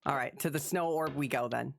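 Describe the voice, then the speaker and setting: A woman live-streaming gameplay, commenting as she plays, swearing and yelling at the game, then talking herself back to calm. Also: deep voice, a little fast, vocal fry, a little hiss or hum. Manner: animated, swears, yells at the game.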